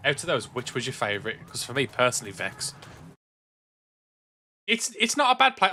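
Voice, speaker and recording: Chatty young English gaming streamer. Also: male voice, medium pitch, sharp tone, a little hiss or hum. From England, Black Country. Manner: rambling, chatty, frequent restarts and filler. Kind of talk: casual chat while streaming a game. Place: home room.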